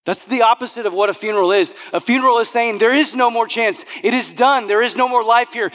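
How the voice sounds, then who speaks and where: A pastor preaching a sermon in a conversational way, often checking in with his audience. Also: on the high side. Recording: long hall reverb.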